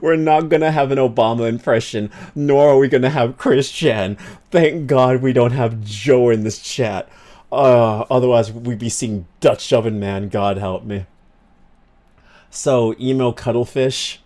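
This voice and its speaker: A man who streams and does voice acting, chatting casually with his live chat, animated and laughing often as he reads and answers messages. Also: mid-range voice, unhurried. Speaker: streamer and voice actor.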